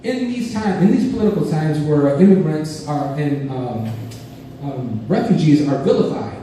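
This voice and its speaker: Guy doing stand-up, mellow tone, jumpy delivery, sounds far off in a roomy club. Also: fairly high pitch, animated, normal speed, a little hiss or hum. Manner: rambling, self-mocking storytelling. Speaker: stand-up comedian. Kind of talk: stand-up routine. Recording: echoey club heard from afar.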